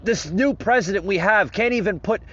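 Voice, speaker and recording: A man's voice: high voice, normal speed, a bit bright, lo-fi sound. A man hosting a political commentary podcast, ranting sarcastically at his listeners. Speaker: podcast host.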